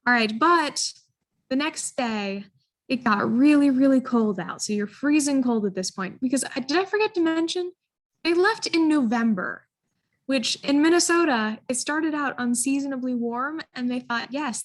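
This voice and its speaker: A woman telling a history story to an audience, animated and full of ums, putting listeners in the story with choices. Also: high-pitched. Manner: animated, addresses listeners with choices, frequent um fillers. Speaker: history presenter. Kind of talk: interactive storytelling talk.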